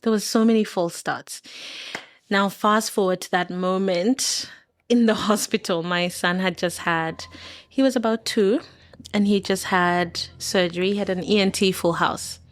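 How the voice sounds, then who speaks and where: A Kenyan woman in her thirties, appearing as a podcast guest, tells a personal story candidly and with emotion, laughing often and acting out the voices she quotes. Her medium-pitched voice is steady and a little slow, on a dry recording.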